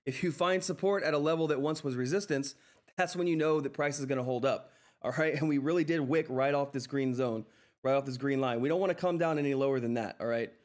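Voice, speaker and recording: A man hosting a live stock trading stream, talking through price charts in an excitable, effusive way that repeats itself. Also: medium pitch, fast talker. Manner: excitable, effusive, repeats himself, says "all right?" often. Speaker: livestream stock trading host. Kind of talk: live market commentary and chat.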